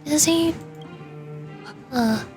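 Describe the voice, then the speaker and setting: A woman's voice: high voice, drawn-out words, a little mellow. A young woman vtuber reading game dialogue aloud as she plays, with casual asides. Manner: reads all characters' lines with casual asides. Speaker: vtuber streamer. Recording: game music behind the voice.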